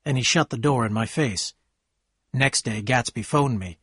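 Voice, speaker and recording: Man reading a story, husky voice. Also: mid-range voice, moderate pace, fairly bright tone, no room sound, clean studio sound. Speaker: narrator.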